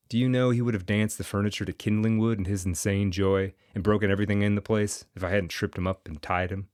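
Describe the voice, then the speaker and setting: A man with a fairly low voice narrates a classic story. His reading is lively and expressive, and he moves between narration and dialogue with ease. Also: quick pace, few pauses, no room sound, clean studio sound. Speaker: audiobook narrator.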